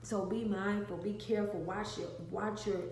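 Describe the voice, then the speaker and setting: A woman's voice: mid-range voice, fairly even intonation, moderate pace, a little mellow. A woman earnestly telling a personal testimony to viewers, often repeating phrases for emphasis. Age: adult with an infant. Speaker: vlogger sharing a personal testimony. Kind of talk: emotional personal storytelling. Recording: echoey room with faint noise.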